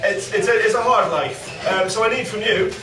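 A man's voice: high-pitched, moderate pace. A man performing live improv comedy on stage, playful and laughing often. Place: live comedy gig venue. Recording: echoey room, far mic, loud noise.

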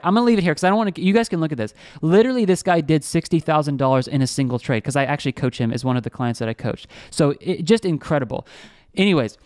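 Energetic young male vlog host, quick and clear, pitching trades with constant "guys". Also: no room sound, studio quality. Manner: energetic, hyped, repeats "guys" and "like". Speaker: crypto trading channel host. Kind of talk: screen-share trading vlog, salesy.

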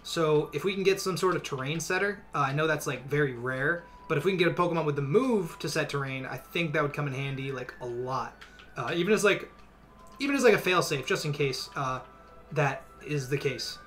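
A man's voice: a little high, fairly quick, a bit bright, faint music behind. A young man giving casual, rambling commentary while streaming a game, with many fillers.

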